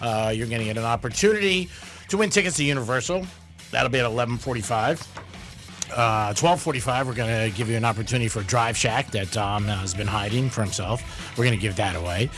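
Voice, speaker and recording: A man's voice: mid-range voice, fairly bright tone. Easygoing man hosting morning radio. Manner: easygoing, laughs often, apologetic. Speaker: radio host. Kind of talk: casual morning radio chat. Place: radio studio. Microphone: studio microphone.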